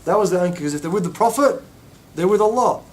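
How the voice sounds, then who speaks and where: A man's voice: high voice, lively intonation, fast. A man teaching an informal religious lesson, telling stories and acting out quoted voices with many restarts.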